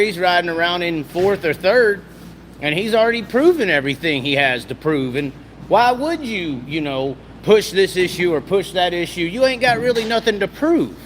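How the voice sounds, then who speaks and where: A man's voice: high voice, fairly bright tone, a little hiss or hum. A man with a Southern US accent giving rambling, casual racing commentary, repeating himself and using folksy slang, just woken up. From American South. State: just woken up, clearing throat.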